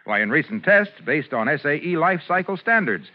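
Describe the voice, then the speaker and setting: A jovial, neighborly pitchman in an old radio ad, his slightly high voice lively and salesy. It comes through a dull, lo-fi broadcast. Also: a little fast. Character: cheerful neighborly male pitchman. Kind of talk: 1950s radio ad sketch.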